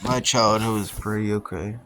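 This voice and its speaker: A young male vlogger with a lowish, fairly bright voice tells childhood stories at a moderate pace, his intonation mostly even. His storytelling is rambling and casual, full of profanity and offhand remarks, and he often laughs at himself.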